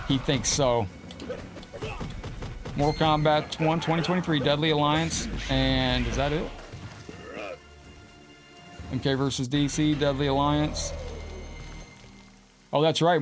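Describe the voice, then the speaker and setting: Male game streamer, middle pitch, relaxed banter, music under the voice. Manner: chatty, talks to his cat and viewers. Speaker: gaming streamer. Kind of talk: casual live-stream chat.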